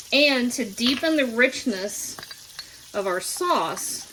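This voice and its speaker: Middle-aged woman, folksy cooking host, talks right to the viewers, home kitchen, loud sizzling and clinking behind her. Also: mid-range voice, noisy background. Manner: chatty, folksy, addresses viewers directly. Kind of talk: casual cooking demonstration.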